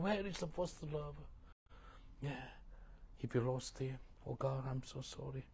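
A man preaching a sermon, questioning the congregation and moving between loud emphasis and hushed tones. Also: mid-range voice, creaky, breathy edge. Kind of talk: sermon with call-and-response.

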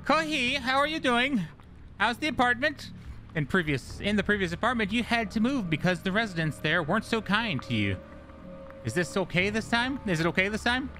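A man reading as a gentle, caring mother. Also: high voice, big pitch swings, normal speed, soft background music, voice pushed up, full character voice. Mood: tender. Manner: gentle, reassuring. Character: caring mother writing to her grown son.

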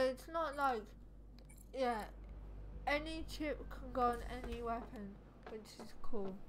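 A high-voiced woman gives unhurried, chatty commentary while playing a game. She swears now and then and mutters to herself as she goes. A clear hiss runs underneath her voice. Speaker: gaming streamer. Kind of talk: casual let's-play commentary.

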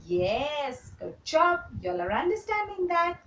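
A woman kindergarten teacher gives a handwriting lesson to small children, slowly repeating steps and praising them. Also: high voice, big pitch swings, a bit bright, far from the mic, a little hiss or hum. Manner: slow, repetitive, encouraging drills for small children. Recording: roomy echo, voice a little off the mic.

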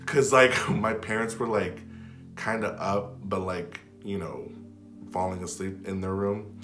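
A man with a lowish voice tells his own story to camera, rambling loosely and packing his sentences with "like" and false starts. He sometimes sinks into a near hush as he relives a moment. The room rings with echo, and faint music plays underneath. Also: unhurried. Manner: rambling, filled with "like" and restarts; drops to a hush when retelling whispered moments. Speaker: vlogger.

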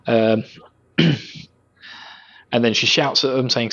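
A man's voice: lowish voice, fairly even intonation, measured pace, pauses often, a bit bright, lo-fi sound. A man co-hosting a casual podcast, chatting loosely and laughing often. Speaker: podcast co-host. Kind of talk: casual chat.

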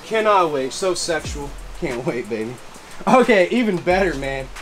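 A man showing off his gear in a casual vlog, excitable and slangy, repeating catchphrases and whooping. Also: fairly high pitch, normal speed. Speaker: fireworks vlogger. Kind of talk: casual show-and-tell vlog. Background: background music.

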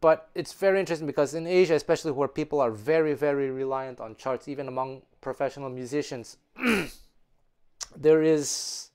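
A man teaching a music lesson, talking earnestly and conversationally, often restarting his sentences. His voice is smooth and resonant and sits a little high for a man. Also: moderate pace, darkish tone. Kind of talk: spoken lesson.

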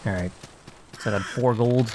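A gaming channel host plays through a game at normal speed, his mid-range voice heard over background noise. He's yawning and drowsy, muttering to himself, swearing at times, and saying he's sleepy.

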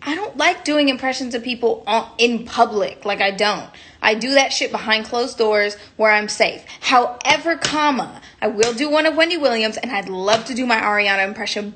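Young woman, slightly high voice, loose giggly livestream talk into a phone, keeps interrupting herself. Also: noisy background. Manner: giggly, rambling, self-interrupting. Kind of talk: casual livestream chat.

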